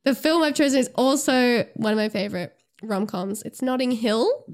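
A young woman co-hosts a laid-back podcast, her voice sitting a little high. She gushes and gets emotional as she talks, giggling often. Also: moderate pace. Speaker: podcast host. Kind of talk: casual podcast chat.

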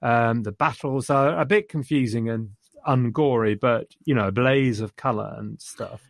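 Chatting casually as a podcast co-host, a man with a gravelly, mid-range voice gushes about a film he enjoyed and quotes from it. He keeps a moderate pace, and the sound is clean studio audio without any room tone.

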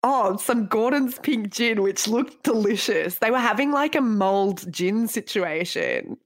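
This bubbly co-host of a TV recap podcast rambles through casual chat, saying "like" constantly. She has a fairly high-pitched voice and keeps a measured pace. Studio-clean audio, free of echo.

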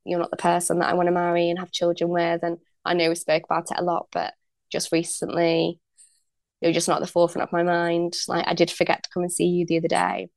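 A young woman speaks as a podcast guest, recounting events in a chatty, candid way and slipping into the voices of the people she quotes. Her voice sits a little low and has a gravelly fry to it. The recording is close and dry. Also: monotone, fast talker, no room sound. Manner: chatty, many likes and ums, acts out quoted dialogue. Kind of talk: candid storytelling.

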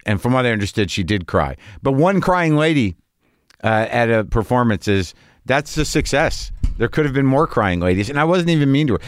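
A man's voice: fairly low pitch, no room sound. Middle-aged guy rambling and swearing on his podcast, lots of restarts, dead dry mic. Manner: rambling, profane, restarts and trailing thoughts. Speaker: podcast host. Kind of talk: casual monologue.

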